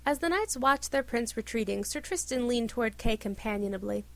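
A woman reading a story aloud with expressive narration. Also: fairly high pitch, a little fast, gravelly. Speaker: reader. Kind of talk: reading fan fiction aloud.

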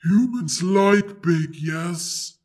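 A woman voicing a calm, gentle dragon that speaks slowly and with mild curiosity. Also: lowish voice, husky, exaggerated voice. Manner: slow, drawn-out, mildly curious.

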